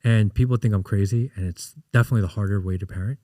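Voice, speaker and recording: A man in his thirties talks through stories as a podcast guest, with a somewhat low voice. He gets animated and acts out the lines of the people in his stories. The sound is dry and close, with no room in it. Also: fast talker, dry recording. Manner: animated storyteller, acts out quotes. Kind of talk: casual interview chat.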